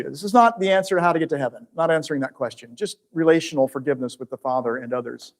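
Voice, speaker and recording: A man teaching from the Bible in a relaxed, conversational way, speaking to people watching at home. His voice sits a little higher than most men's. He poses questions to his listeners and often breaks off to rephrase mid-sentence. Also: very fast, few pauses. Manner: chatty, asks the audience questions, restarts mid-phrase.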